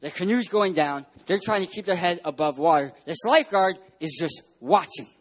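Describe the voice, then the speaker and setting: A young man from San Diego preaching a sermon, telling playful stories with loud bursts of emphasis. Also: high voice, expressive, moderate pace. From San Diego, California.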